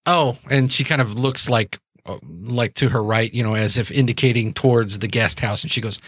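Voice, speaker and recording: Casual male game master, mid pitch, dry close sound. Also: steady tone, normal speed, hardly any pauses, a bit bright, no room sound. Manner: casual, descriptive, laid-back. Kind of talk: narrating a tabletop game.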